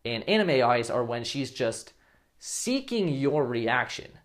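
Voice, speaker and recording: A man's voice: mid-range voice, very animated, takes it slowly. Blunt man giving dating advice. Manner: blunt, swears casually, acts out example lines. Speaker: dating coach. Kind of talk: casual advice vlog.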